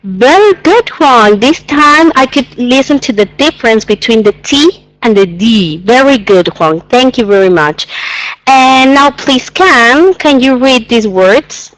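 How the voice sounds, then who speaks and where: A woman's voice: a little high, lively intonation, measured pace, dry recording, poor audio. A woman teaching an English pronunciation lesson, patiently repeating sounds and exaggerating them so learners can hear.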